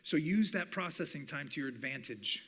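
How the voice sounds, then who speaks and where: A middle-aged man gives a church teaching talk in a bright, forward voice that sits a little high for a man. He is animated, switching into quick acted-out lines of dialogue as he makes his points. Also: slightly rough. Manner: animated, acts out quoted dialogue. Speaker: communications professor.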